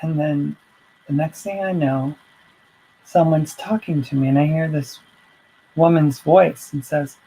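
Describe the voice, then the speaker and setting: A woman's voice: low-pitched, fairly even intonation, measured pace, pauses often, warm tone, slightly rough, poor audio. A woman vlogger telling a personal story in a casual, rambling way, full of asides.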